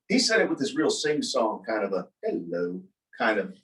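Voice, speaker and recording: A man telling a personal story in a casual talk, animated and acting out the voices of the people he quotes. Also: medium pitch, moderate pace, vocal fry. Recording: voice from a distance from the mic.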